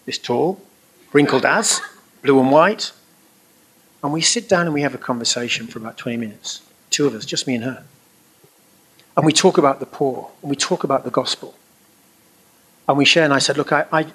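Man, middle-aged, testimony storytelling, animated and anecdotal, chuckling asides, average pitch. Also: brisk, slightly rough. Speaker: speaker giving a personal testimony. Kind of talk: storytelling testimony to a live audience.

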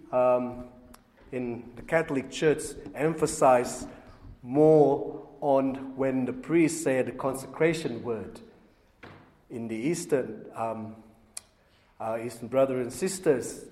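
Slow, unhurried priest in an echoing church. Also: male voice, medium pitch, a little mellow. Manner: measured, thoughtful delivery with asides and rhetorical questions. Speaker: Catholic priest. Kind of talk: homily. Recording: long church reverb.

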